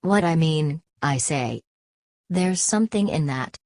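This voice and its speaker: A woman voices a nervous, deferential man from inland for an audiobook, reading in a low, calm, measured, earnest way. The recording is close and dry, with no echo.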